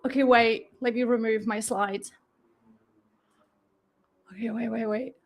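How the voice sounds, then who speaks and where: Woman, high voice, bubbly and effusive, live-streamed class, home kitchen, webcam mic. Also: very animated, slow, long pauses, a little hiss or hum. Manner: bubbly and effusive, gushing, laughs often. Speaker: online coach teaching a live class.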